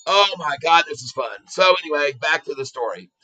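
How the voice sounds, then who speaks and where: Excitable male stream host, fairly high voice, bright tone, casual banter. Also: brisk, low-quality recording. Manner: excitable, bursts of cheering. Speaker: livestream stock trader. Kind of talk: casual livestream commentary.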